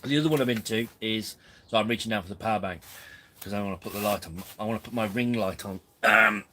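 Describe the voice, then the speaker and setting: A man's voice: lowish voice, fast, sharp tone, a little hiss or hum, rough recording. A man hosting a casual live stream from his tent, rambling and self-deprecating. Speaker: camping channel host. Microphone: camera on tripod.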